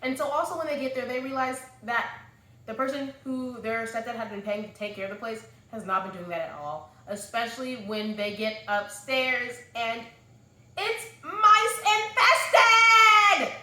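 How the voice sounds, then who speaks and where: A woman's voice: on the high side, normal speed, fairly bright tone. A woman with a Southern US accent chatting casually as she sums up a book, rambling with lots of fillers. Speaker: book vlogger. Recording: echoey room.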